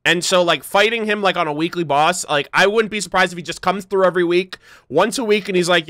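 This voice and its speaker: Excitable high-voiced male gamer. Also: fairly quick, smooth, dry recording, studio quality. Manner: excitable, swears freely, rambling. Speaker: gaming reaction youtuber. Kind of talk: casual reaction commentary. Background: trailer music.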